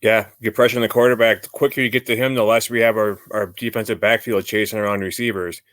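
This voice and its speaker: Male podcast host, lowish smooth voice, dry close sound, relaxed conversational delivery. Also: fast talker, dry recording. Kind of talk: casual sports chat.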